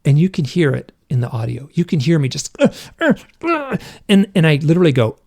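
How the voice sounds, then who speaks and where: Gravelly-voiced man telling a raw story. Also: on the high side, mellow. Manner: intense, halting, with emotional quoted outbursts. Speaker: podcast guest. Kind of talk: recounting a personal experience.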